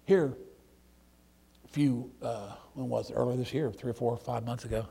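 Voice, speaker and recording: A middle-aged man, a preacher telling folksy stories in a sermon, swinging between loud outbursts and hushed, near-whispered passages. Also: mid-range voice, fairly even intonation, normal speed, gravelly, slightly rough. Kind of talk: storytelling sermon.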